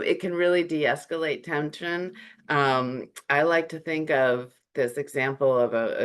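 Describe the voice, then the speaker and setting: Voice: medium pitch, fairly bright tone. Storytelling webinar speaker on a video call. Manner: storytelling, acting out quoted remarks; frequent "um" fillers. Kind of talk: presentation on humor in leadership.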